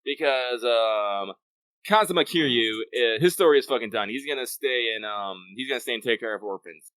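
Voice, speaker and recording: A man's mid-range, fairly bright voice moves at a moderate pace as he co-hosts a podcast about games. His talk rambles, with profanity and many fillers. The desk-mic recording is dry.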